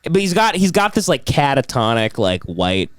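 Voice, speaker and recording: A man hosting a comedy podcast, loud and profane, mocking and jumping into bits. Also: medium pitch, very animated, moderate pace, dry recording. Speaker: podcast host. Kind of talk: crude comedic banter.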